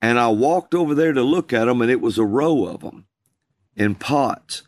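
A man, a minister, telling a personal story in conversation, slow and drawn out. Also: animated, dry recording, studio quality. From USA. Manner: slow, drawn-out storytelling with calls acted out in a high voice.

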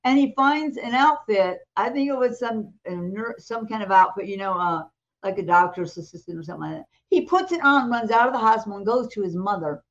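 A woman co-hosting a talk show, retelling a testimony in a lively way and acting out the voices in it. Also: medium pitch, a little fast, lo-fi sound. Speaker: co-host. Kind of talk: animated testimony storytelling.

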